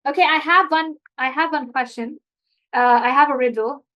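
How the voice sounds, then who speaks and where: A woman's voice: high-pitched, moderate pace, muffled recording. A young adult woman tutor giving a live online English lesson, chatty and explanatory with many asides.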